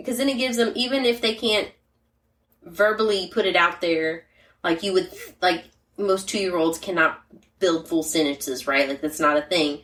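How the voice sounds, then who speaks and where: A woman's voice: fairly low pitch, normal speed, a bit bright. A woman co-hosting a podcast about parenting, chatting in a straightforward way with lots of casual fillers and murmured agreement. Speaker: podcast co-host, mother. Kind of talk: casual chat. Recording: roomy and distant from the mic.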